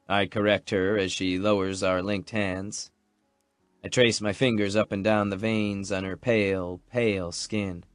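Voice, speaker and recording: A man's voice: on the low side, flat delivery, unhurried, no room sound, soft background music. A man narrating a first-person romance audiobook in a tender, earnest, protective way.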